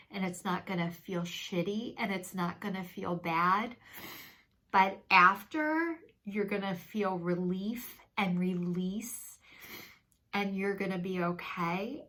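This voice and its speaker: A woman giving a spiritual oracle card reading to her viewers, speaking in a slow, earnest and consoling way, sometimes tearful. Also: on the low side, a bit bright. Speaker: tarot and oracle card reader.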